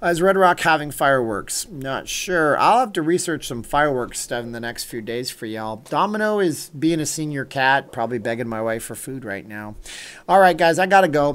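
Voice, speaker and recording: A man's voice: medium pitch, fairly bright tone. Chatty middle-aged man hosting a livestream. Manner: rambling, chatty, reads out viewer names and answers chat; earnest pep talk. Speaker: livestream host. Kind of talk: casual livestream chat.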